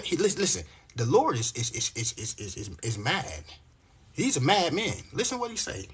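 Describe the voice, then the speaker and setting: A man's voice: a little high, sing-song, normal speed, a bit bright, slightly rough. A man talking casually to his viewers, reading scripture aloud and preaching emphatically with lots of profane slang. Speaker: vlogger.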